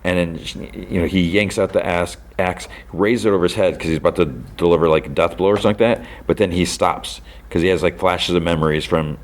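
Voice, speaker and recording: A man's voice: low voice, fairly even intonation, brisk, few pauses. A man hosting a podcast, casually retelling a TV episode in a rambling way, full of "like" and restarts, and briefly acting out the characters' lines. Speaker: podcast host.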